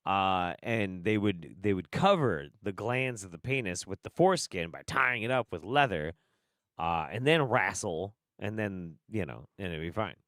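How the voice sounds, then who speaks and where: A man's voice: low-pitched, lively intonation, moderate pace, fairly bright tone, no echo, clean studio sound. A man hosting a casual commentary stream, swearing and laughing, with an exasperated delivery. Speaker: streamer host.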